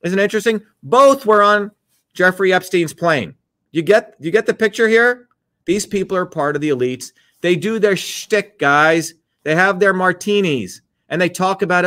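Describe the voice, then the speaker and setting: A man hosting a heated political monologue, scornful and combative, breaking off to give quick instructions to a producer. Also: high-pitched, fairly bright tone. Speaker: political host.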